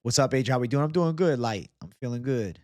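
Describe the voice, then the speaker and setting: A man's voice: medium pitch, animated, brisk, a little mellow, no echo, clean studio sound. A young man from Boston hosting a casual live chat. He talks loosely and swears a lot. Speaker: livestream host.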